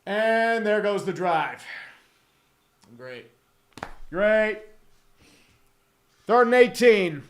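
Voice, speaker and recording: A high-pitched man in his thirties calls the game play by play as a fan streamer, swearing freely. He sounds exasperated and slips into sarcasm between plays. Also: lively intonation, slow pace, pauses often. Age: 30s. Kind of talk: live fan play-by-play commentary.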